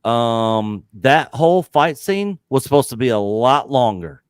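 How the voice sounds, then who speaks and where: A man with a smooth, clear voice co-hosts a casual live stream and rambles from one memory to the next, full of "uh" and restarts. His voice sits at an average pitch and sounds close and dry, with no room around it. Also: very animated, a little slow, no echo. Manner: rambling, filler-heavy recollections. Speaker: co-host.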